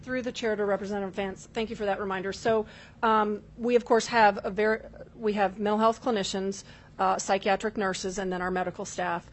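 A woman official giving formal testimony at a legislative hearing, measured and full of filler ums, addressing the chair. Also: mid-range voice, little pitch movement, slight background noise. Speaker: state corrections official testifying.

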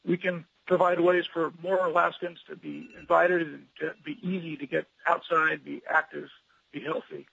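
Gravelly husky man testifying over a remote line. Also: on the high side, little pitch movement, sharp tone, dry recording. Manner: earnest, advocating, measured with hesitations. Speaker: public commenter for a statewide trails nonprofit. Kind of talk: remote testimony at a legislative hearing. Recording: dull lo-fi remote audio line.

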